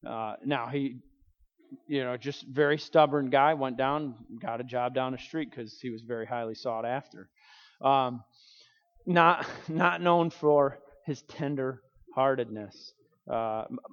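A man's voice: medium pitch, clean tone. A man preaching in a conversational way, telling a family story and acting out the people in it. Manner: conversational, acts out quoted voices. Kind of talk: storytelling sermon. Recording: dull sound with long hall reverb.

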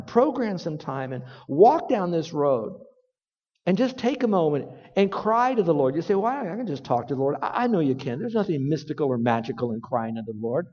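A man's voice: a little high, lo-fi sound. Man preaching in an echoing hall. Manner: earnest, rising to loud emphatic outbursts. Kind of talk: sermon.

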